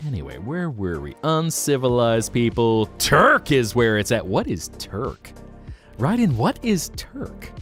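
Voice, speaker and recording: A man chatting casually on a live stream, playful and animated, swearing and laughing often. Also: mid-range voice, unhurried, soft background music. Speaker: VTuber streamer.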